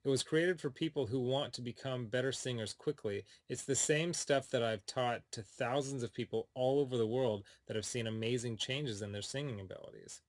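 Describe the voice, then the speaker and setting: Upbeat man pitching his singing course. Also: a little fast, few pauses, no room sound. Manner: upbeat, persuasive, direct to the listener. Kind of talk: sales pitch voice-over.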